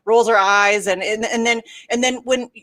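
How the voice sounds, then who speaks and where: A woman with a fairly high voice chats on a video call, animated and quick to swear and laugh. Her sound is dry and close, with no room around it. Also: dry recording. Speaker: show co-host. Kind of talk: casual chat.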